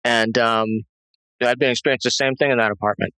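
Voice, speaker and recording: A man's voice: medium pitch, steady tone, fast talker, bright, forceful tone, clear, resonant tone, no echo, low-quality recording. Male interview guest, agitated, rambling storyteller, dry close sound. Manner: rambling, many restarts and fillers; tense, agitated retelling. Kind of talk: recounting a personal story.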